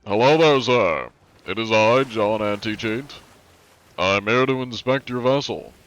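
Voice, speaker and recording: A man's voice: fairly low pitch, a little slow, a bit bright, lo-fi sound, soft background music. A man voicing an overly formal male anti-cheat inspector who speaks with stiff, mock-official politeness. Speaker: gaming streamer.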